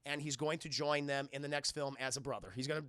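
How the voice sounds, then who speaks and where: A man streaming a casual film recap, animated and profane, often addressing his chat. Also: mid-range voice, quick pace, clear, resonant tone, dry recording, clean studio sound.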